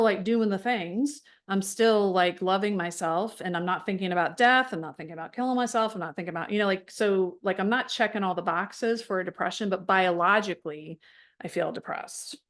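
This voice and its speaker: A woman's voice: medium pitch, normal speed. Chatty, frank middle-aged woman. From United States. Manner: chatty, frank, many fillers and restarts. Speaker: wellness group leader. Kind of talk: casual talk to a support group.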